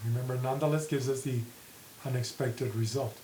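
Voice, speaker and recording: A man teaching a grammar lesson, dictating sentences slowly and reading out the punctuation. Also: mid-range voice, steady tone, dark tone. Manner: slow, deliberate dictation, reading punctuation aloud. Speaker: English teacher. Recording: echoey room with faint hiss.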